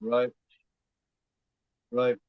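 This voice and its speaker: Speaking extremely slowly, a fifty-something man hosts a laid-back movie commentary, rambling, repeating himself, and often saying "you know what I mean." There's no echo, though the sound is dull and lo-fi.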